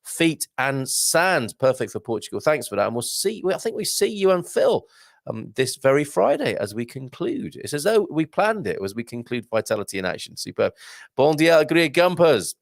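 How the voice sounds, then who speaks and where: A man hosts a live online show, reading out viewer messages and reacting with quick exclamations. His pitch swings widely, and his voice sits close and dry with no room sound. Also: gravelly, no echo. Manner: chatty, reads out comments with lively exclamations. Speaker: host. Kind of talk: live-stream chat reading viewer comments.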